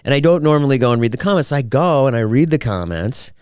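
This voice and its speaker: Man, 50s, podcast host: animated, chatty and self-deprecating, smooth voice. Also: medium pitch, quick pace, dry recording, studio quality. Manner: chatty and self-mocking, with playful voice swings. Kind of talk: casual solo podcast chat.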